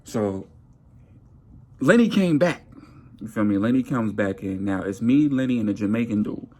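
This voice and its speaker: A man telling a workplace story in a casual monologue, animated, acting out his coworkers' lines. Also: moderate pace. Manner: animated, acts out coworkers' lines with jumps in pitch.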